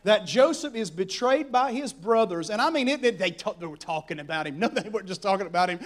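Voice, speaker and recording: A man preaching a sermon, telling Bible stories in an animated way that swings from soft asides to shouting. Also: sits high, fast, few pauses.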